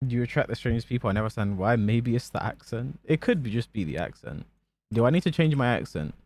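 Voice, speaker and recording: A man's voice: medium pitch, animated, fast, a little mellow. A young man, a streamer and fighting game competitor, chatting casually and profanely while he plays. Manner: loose, profane storytelling.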